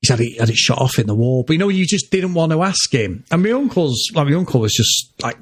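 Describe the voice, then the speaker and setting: Bloke on a podcast telling a funny family story, lots of laughing and swearing, a bit high-pitched. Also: male voice, fast talker, slightly rough. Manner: animated, laughing storyteller who swears freely. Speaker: podcast co-host. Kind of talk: casual chat.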